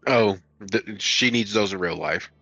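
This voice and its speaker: A man's voice: fairly low pitch, unhurried, vocal fry, sharp tone, no room sound. A man playing a tabletop game with friends over a voice call, teasing and joking, on dull, lo-fi call audio. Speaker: player.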